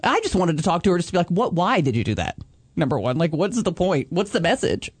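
A woman's voice: lowish voice, fast talker, slightly rough. A woman chatting casually, telling a story and acting out the people in it. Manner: animated, acts out quoted people.

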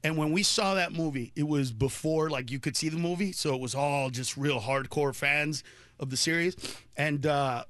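A middle-aged male comedian telling animated, ranting stories as a radio show guest, laughing at his own jokes. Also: fairly high pitch, normal speed, no room sound.

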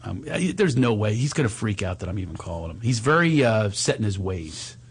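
A man telling a comic anecdote in casual chat, animated and laughing as he goes. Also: fairly low pitch, brisk, slightly rough. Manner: animated, laughs through his stories.

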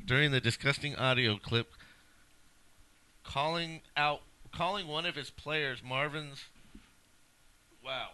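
A man's voice: mid-range voice, slow, long pauses, sharp tone, clear, resonant tone, no room sound, low-quality recording. A man co-hosting a casual sports talk show, mostly agreeing in short replies. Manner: agreeable, brief reactions. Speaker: sports podcast co-host.

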